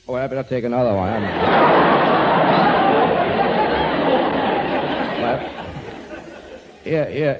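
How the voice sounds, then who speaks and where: A man's voice: medium pitch, animated, slow pace, long pauses, some chatter behind. A man with a doing a comic monologue, reading a silly passage aloud with little chuckles and swapping numbers into his words. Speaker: comedian and pianist. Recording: dull lo-fi old radio recording, noisy.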